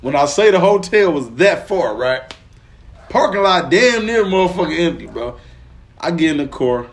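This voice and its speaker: A man from Pine Bluff, Arkansas, co-hosting a podcast and telling a long story in casual, profane slang. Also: moderate pace. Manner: animated, profane, slangy, often lowers voice then bursts up laughing. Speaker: podcast co-host.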